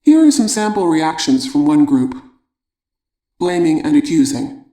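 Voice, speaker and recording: A man narrating a parenting audiobook in a measured, instructive reading voice. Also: a little high, very animated, dark tone, reverberant.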